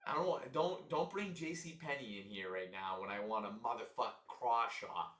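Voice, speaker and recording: A young man does casual live play-by-play for his stream, his bright, forceful voice bouncing around an echoey room. He grows more frustrated as he goes, swearing freely and breaking into loud outbursts. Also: medium pitch, moderate pace, distant mic. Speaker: livestream commentator. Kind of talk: casual live game commentary.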